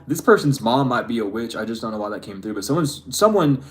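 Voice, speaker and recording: A man's voice: medium pitch, animated, fast talker. A man giving a spiritual reading to his viewers, ranting emphatically and swearing freely. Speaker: tarot reader.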